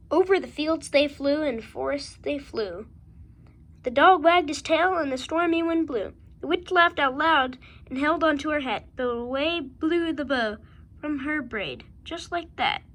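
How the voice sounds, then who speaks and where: A woman reading a rhyming picture book aloud with a steady rhythm. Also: sits high. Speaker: reader.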